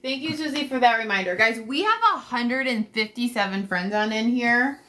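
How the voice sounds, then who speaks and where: Woman co-host with quick remarks. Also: fairly high pitch, expressive, bright, forceful tone. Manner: brief, matter-of-fact interjections. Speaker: livestream co-host. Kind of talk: casual livestream chat.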